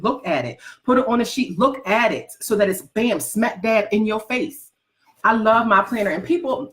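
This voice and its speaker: A woman's voice: mid-range voice, a bit bright. Woman writing coach hyping up her audience, folksy, repeats herself for punch, teases folks. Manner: emphatic and repetitive, teasing the audience; folksy, calls listeners "baby". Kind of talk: motivational talk to a live audience.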